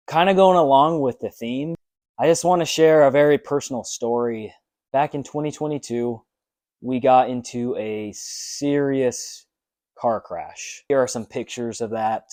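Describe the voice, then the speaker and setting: A man's voice: medium pitch, mellow, no echo, clean studio sound. A young man talking earnestly in a personal fitness vlog, motivational and full of ums. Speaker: fitness vlogger.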